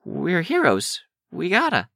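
A man's voice: a little high, lively intonation, bright, forceful tone, dry recording, clean studio sound, voice pushed up. A man voicing a frightened but brave young woman hero, speaking hesitantly in an audiobook. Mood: nervous. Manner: hesitant, halting.

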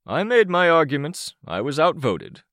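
A man reading an audiobook, voicing a gruff, irritable young man who speaks in a curt, snapping way. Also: a little high, very animated, moderate pace, a bit bright, no echo, clean studio sound, voice pushed up.

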